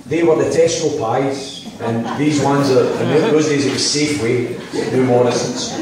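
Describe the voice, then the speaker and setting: A man's voice: mid-range voice, normal speed, crowd noise. A middle-aged Scottish man giving an impassioned campaign speech in a town hall, telling stories with jokes and asides. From Scotland. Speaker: political campaign speaker. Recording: echoey hall from far off.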